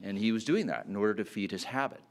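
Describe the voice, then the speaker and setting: A man's voice: fairly low pitch, animated, fast. A man giving a campaign speech at a public announcement, earnest and full of fillers and restarts. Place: announcement event.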